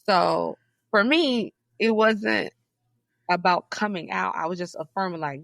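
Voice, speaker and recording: A woman from Southeast Georgia, a guest in a casual interview, telling stories in an animated, emphatic way with sudden high, loud bursts. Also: measured pace, vocal fry, dry recording. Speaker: podcast guest, librarian.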